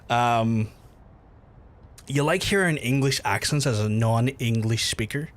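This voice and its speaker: A livestream host from Belfast, Northern Ireland, chats casually with viewers, swearing freely and restarting sentences as he goes. His medium-pitched, fairly bright voice moves at a measured pace with long pauses.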